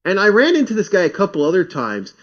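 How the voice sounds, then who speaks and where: A man chats on stream and spins a blunt story, swearing as he goes. His voice sits a little high and swings up and down a lot. The recording sounds dull and lo-fi. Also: wildly swooping pitch, fast talker. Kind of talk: casual chat, storytelling.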